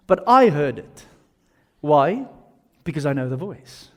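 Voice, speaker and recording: A man preaching a sermon as pastor, telling lively stories with casual slang. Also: a little high, takes it slowly, long pauses. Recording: long reverb of a large hall.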